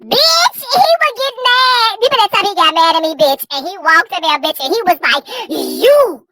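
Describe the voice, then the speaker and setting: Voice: very high-pitched, fairly quick, sharp tone, rough recording. An adult friend in casual podcast chat, gossiping in a sassy, profane way.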